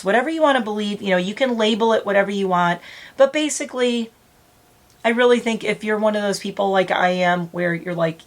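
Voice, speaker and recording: A middle-aged woman vlogging casually, rambling and close to tears, laughing through emotion. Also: medium pitch. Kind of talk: emotional casual vlog talk.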